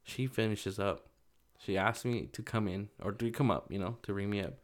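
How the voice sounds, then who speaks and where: A man's voice: lowish voice, steady tone, moderate pace. A young man casually telling a personal story, loose and rambling, full of fillers.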